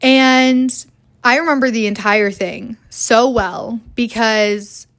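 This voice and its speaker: Woman in her twenties, podcast host, casual storytelling, candid, animated, swears freely, a little high-pitched. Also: slow.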